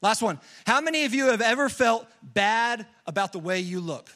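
A young adult man, a youth pastor, preaching a casual, energetic sermon to teenagers and leading call-and-response. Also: high-pitched, normal speed.

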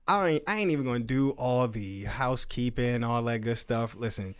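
A male podcast host with a mid-pitched voice, talking loose and slangy. He keeps things hyped and laughs easily while passing the mic around. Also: normal speed, clear, resonant tone. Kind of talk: casual podcast chat.

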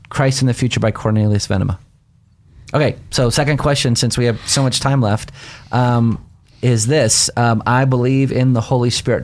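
A man's voice: mid-range voice, dry recording. Man guiding a pastors' podcast. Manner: moves the talk along, adds quick asides. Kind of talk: casual theological discussion.

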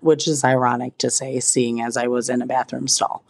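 A young woman with a gravelly bass voice hosts a podcast, speaking at a moderate pace with little pitch movement. In casual storytelling mode, she relates a funny episode of her own, adding dramatic asides at her own expense.

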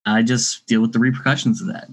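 A man from South Florida, co-hosting a podcast and telling stories in relaxed, casual chat. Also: mid-range voice, fast talker, husky. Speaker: podcast co-host.

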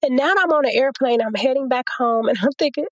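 A woman's voice: sits high, brisk, dry recording, lo-fi sound. A woman guest in an interview, telling a personal testimony and acting out what others said to her. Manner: storytelling, quotes others in a lively retelling.

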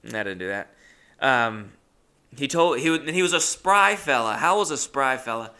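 A man's voice: mid-range voice, animated, moderate pace, bright, forceful tone, smooth. A young man, a comedian, telling a rambling, self-deprecating story. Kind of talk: comic storytelling.

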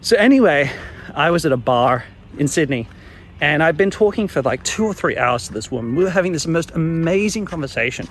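A young man telling his own embarrassing stories in a casual, animated way, chuckling along as he goes. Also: on the high side, fairly quick, a little hiss or hum. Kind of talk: casual storytelling monologue.

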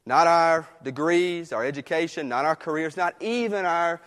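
A man preaching a sermon in a conversational way, moving between quiet, hushed passages and emphatic ones. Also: a little high, moderate pace. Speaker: pastor. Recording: long reverb of a church hall.

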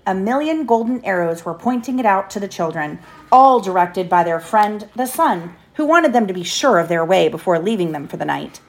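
Mother reading a storybook aloud. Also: medium pitch. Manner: lively, raising her voice for the children's lines. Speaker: parent reading aloud to her child.

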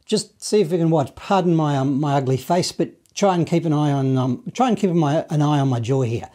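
A man teaching a saxophone lesson, walking through the notes in a relaxed, encouraging way and scatting the phrases. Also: fairly high pitch, fairly quick. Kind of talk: online music lesson.

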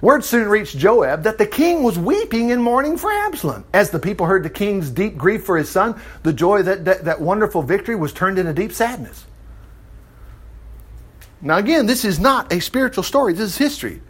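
Lively high-voiced man teaching scripture. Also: normal speed, slightly rough. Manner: chatty asides, chuckling, addresses listeners directly. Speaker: Bible teacher. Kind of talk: Bible reading with off-the-cuff commentary.

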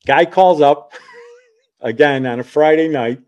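A man's voice: on the high side, takes it slowly, highs cut off. Older man telling family stories. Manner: chatty, laughs at his own stories. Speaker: podcast host. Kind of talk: casual personal storytelling.

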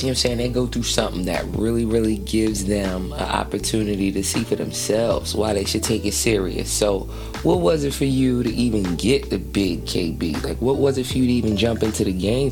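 A woman's voice: a bass voice, lively intonation, brisk, vocal fry, over music. A woman from New Jersey hosting a casual interview, playful and slangy, laughing often. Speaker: host.

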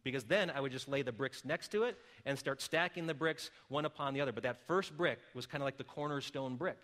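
A middle-aged man preaching a sermon, explaining calmly and then rising to loud, emphatic calls. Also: medium pitch, brisk. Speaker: pastor.

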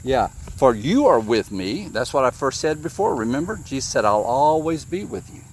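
A man's voice: medium pitch, sing-song, normal speed, a little hiss or hum. A man giving an informal sermon, reading scripture and asking his listeners questions, often repeating himself. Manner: conversational, questions the audience, repeats words. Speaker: preacher.

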